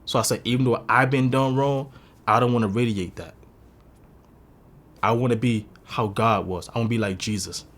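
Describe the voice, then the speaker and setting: A man's voice: medium pitch, fairly even intonation, normal speed, long pauses, fairly bright tone. A man in his twenties telling his own life story in an earnest, confessional and emotional way. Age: 20s. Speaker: interviewee sharing a personal story. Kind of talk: candid personal testimony.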